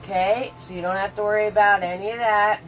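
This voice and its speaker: Speaking quickly in a steady, medium-pitched voice, this woman leads a laid-back live painting session, responding to viewer comments while she works and walking everyone loosely through each stage. Soft music plays behind her on a low-quality recording.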